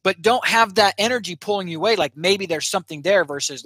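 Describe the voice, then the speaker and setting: Motivational communication coach, husky edge, dry close sound, quizzes the audience. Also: medium pitch, quick pace, a bit bright, dry recording. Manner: asks the audience rhetorical questions; acts out short example phrases. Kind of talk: motivational teaching talk to an audience.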